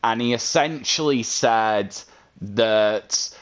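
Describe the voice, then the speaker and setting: A man's voice: on the low side, slow, clear, resonant tone. A man, a content creator, talking earnestly and at length in a vlog, often repeating himself. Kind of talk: heartfelt vlog monologue.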